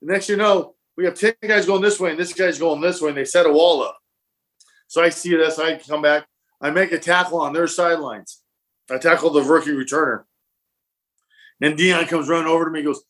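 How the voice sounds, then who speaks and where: Animated former punter telling stories. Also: male voice, a little high, fairly quick. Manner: animated, acts out quotes and laughs. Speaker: former football punter, guest. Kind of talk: casual storytelling.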